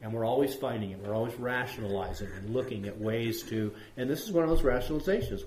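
A man's voice: mid-range voice, lively intonation, fairly quick, few pauses. Man teaching a Bible study in an echoey room. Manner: rambling, asks the group questions, many fillers. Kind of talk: conversational Bible study sermon.

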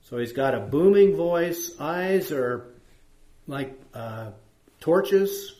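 A man's voice: on the high side, expressive, drawn-out words, mellow. Brief: man, Bible study leader, conversational, questions to group, reads scripture, echoey room. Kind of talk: interactive Bible study teaching.

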